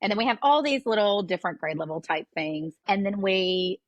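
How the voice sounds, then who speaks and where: A woman's voice: medium pitch, brisk, dry recording, highs cut off. A middle-aged woman, a children's ministry leader, talking in an upbeat, enthusiastic way in a casual chat. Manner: upbeat, enthusiastic, says "like" a lot.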